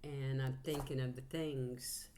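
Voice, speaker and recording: A woman's voice: extremely low pitch, steady tone, takes it slowly, mellow, slight background noise. A woman with a Southern US accent leading a casual psychic channeling session, chatty and folksy, swearing freely and saying y'all a lot. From Georgia, US.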